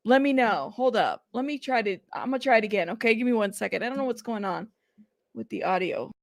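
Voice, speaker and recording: A woman's voice: fairly high pitch, expressive, quick pace, no room sound, clean studio sound. A woman hosting a casual reaction commentary stream, chatty and exasperated, often laughing. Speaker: commentary channel host.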